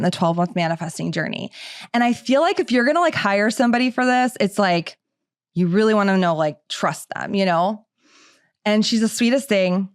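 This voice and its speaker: A woman's voice: medium pitch, dry recording. A middle-aged woman hosting a podcast in a chatty, casual monologue, full of filler words. The sound is dry and close. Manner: chatty, filler-heavy with frequent "like". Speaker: podcast host.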